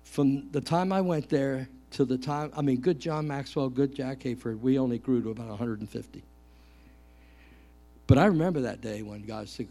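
Middle-aged guy preaching, mellow warm voice, jokes around and keeps asking the crowd if they're with him. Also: mid-range voice, normal speed, vocal fry, soft background music. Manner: lively, joking, calls out to the congregation. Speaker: pastor. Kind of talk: sermon.

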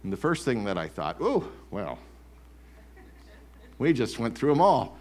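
A man preaches from a church stage mic, his pitch swinging widely as he builds. He drops to quiet, low lines, then rises loud and high, acting out an accuser's taunts. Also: sing-song, a little slow, slight background noise. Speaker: pastor. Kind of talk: sermon. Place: church sanctuary.

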